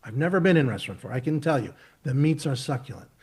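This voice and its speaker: A man's voice: medium pitch, lively intonation, fast talker, darkish tone, slightly rough. A man in his fifties, a guest on a video call, explaining his ideas through long, emphatic, rambling analogies with frequent restarts. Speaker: market technician, interview guest. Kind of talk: expansive storytelling explanation.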